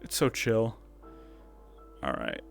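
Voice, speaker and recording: On a VR roleplay stream, a man rambles casually to his audience and chuckles at his own remarks. His voice is lowish and creaky with big swings in pitch, his pace is slow, and faint music sits in the background.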